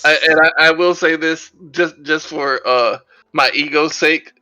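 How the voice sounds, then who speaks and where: Male tabletop player, high bright voice, excitable, stammers. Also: a little slow, highs cut off. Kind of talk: tabletop game chat.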